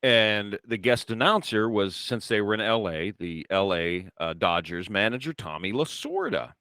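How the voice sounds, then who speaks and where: A man's voice: fairly low pitch, moderate pace, no room sound. A man co-hosting a casual podcast, telling a story and acting out the dialogue with energy. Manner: animated storyteller, acts out quoted dialogue. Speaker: podcast co-host.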